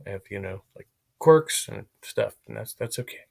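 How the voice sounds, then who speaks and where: A man hosting a casual livestream, rambling along and dropping "you know" and "like" into nearly every sentence. His voice has a gravelly, creaky edge, and his pitch swings up and down a lot. He pokes fun at himself. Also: lively intonation, moderate pace, a little mellow. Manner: self-deprecating. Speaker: livestream host.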